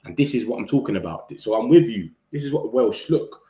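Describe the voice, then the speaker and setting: A man hosting a football channel, chatting casually with viewers in slangy, animated talk. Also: mid-range voice, fast talker, roomy sound. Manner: slangy, animated, talks straight to chat. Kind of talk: casual live-stream chat reading viewer comments.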